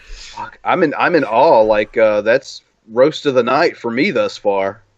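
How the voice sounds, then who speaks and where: A man co-hosting, reacting live with slow, awed exclamations. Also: mid-range voice. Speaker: co-host. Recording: dull lo-fi sound.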